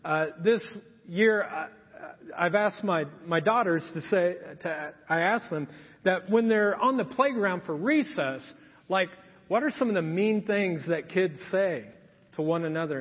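A man's voice: sits high, expressive, measured pace, breathy edge. A man in his thirties, a pastor, preaching a sermon with playful asides and acted-out stories. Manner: storytelling with acted-out quotes, humorous asides. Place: church sanctuary. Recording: dull lo-fi sound with long hall reverb.

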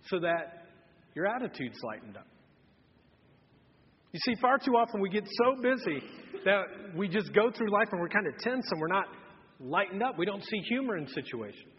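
A man in his thirties preaching a humorous sermon, telling a self-mocking story in an animated way. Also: high voice, breathy edge, big-room sound, lo-fi sound. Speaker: pastor. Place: church auditorium.

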